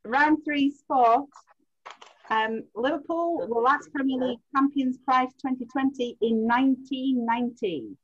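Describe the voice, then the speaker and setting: Woman, quiz host, slightly high voice, chatty, muffled video-call sound. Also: unhurried, slightly rough. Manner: chatty, laughs easily, stretches out answers.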